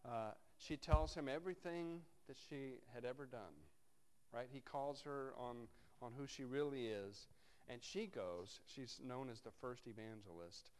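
Reading scripture during his sermon, a pastor keeps stopping for wry, conversational asides to the congregation. His voice is medium-pitched, unhurried and clean.

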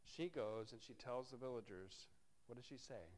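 A man's voice: mid-range voice, moderate pace, a little mellow. A man preaching a sermon, reading scripture aloud and breaking off into wry, conversational asides to his congregation. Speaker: pastor.

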